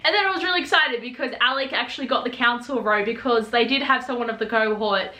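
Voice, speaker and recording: Young woman book vlogger, gushing and excitable, fairly high and bright, echoey room. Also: quick pace, few pauses. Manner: gushing, excitable, acts out quotes in sassy voices. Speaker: book reviewer. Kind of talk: casual spoiler book review.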